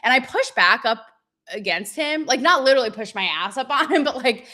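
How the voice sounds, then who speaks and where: Woman host venting on her stream, swears a lot, bright punchy voice, kinda high. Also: brisk. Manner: profane, animated, rambling and self-mocking. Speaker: show host. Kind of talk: candid livestream monologue.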